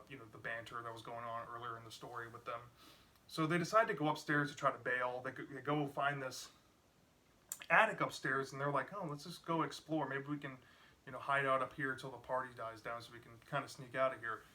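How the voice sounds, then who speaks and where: A book reviewer, male, casually retells a novel's plot in a medium-pitched voice that sounds pushed and bright. He rambles, dropping in lots of "you know" and other fillers.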